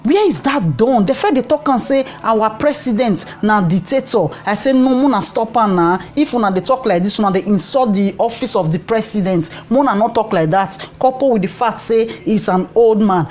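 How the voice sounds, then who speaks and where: A woman's voice: mid-range voice, normal speed, hardly any pauses, a little mellow. A woman from Nigeria with a Nigerian Pidgin English accent, giving impassioned political commentary to camera as a vlogger, fervent and pleading, repeating phrases for emphasis.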